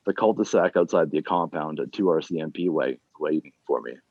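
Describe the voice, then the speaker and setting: A man reading his own fiction aloud at an online reading series, plain and unhurried, with casual asides between chapters. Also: rumbling low, darkish tone, dry recording. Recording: dull, dry lo-fi sound.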